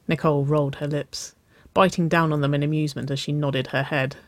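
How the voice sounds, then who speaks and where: A narrator reading a romance story aloud in a soft, unhurried way. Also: mid-range voice, level tone, no echo.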